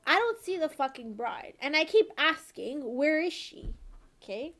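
A young woman with a slightly high voice tells a wild story in casual chat. She swears freely and keeps checking in with her listener. She sounds lively and unfiltered. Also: a little slow. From born and raised in the country she lives in. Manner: profane, animated storytelling with frequent "okay?" asides.

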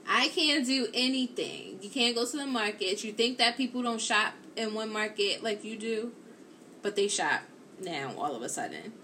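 A woman hosting a live stream, telling a rambling, animated story to her viewers and peppering it with "like" and "or whatever.". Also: on the high side, moderate pace, slight background noise.

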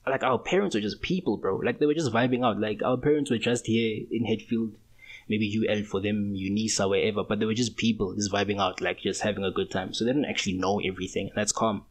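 A man's voice: on the low side, steady tone, fast. A young man in his twenties hosting a solo podcast, talking in a casual, rambling, slangy way. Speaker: podcast host.

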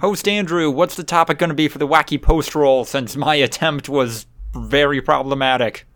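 A man's voice: on the high side, moderate pace, fairly bright tone. Dry-witted young man on a podcast. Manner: dry, teasing remarks. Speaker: podcast co-host. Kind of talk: casual chat.

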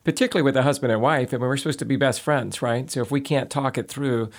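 A man hosting a Christian talk show, posing questions to his guests in a gentle, conversational way. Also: medium pitch, fast. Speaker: host.

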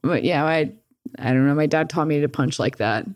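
Low-voiced young woman, casual swearing storyteller. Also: normal speed, dry recording, clean studio sound. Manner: profane, filler-heavy with "like"; animated retelling with laughs. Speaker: streamer guest.

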